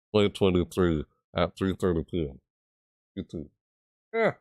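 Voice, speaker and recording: A man's voice: low voice, darkish tone, no room sound, studio quality. A man giving casual, rambling game commentary, thinking aloud and hesitating often. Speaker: gaming video creator.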